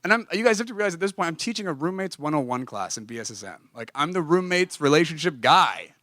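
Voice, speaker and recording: A young adult man tells a personal story from the pulpit, confessional and lively, jumping between voices. His voice sits slightly high. The sound is dry and close, with no room around it. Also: fast, no room sound. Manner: animated, confessional, acts out dialogue. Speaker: preacher. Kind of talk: storytelling sermon.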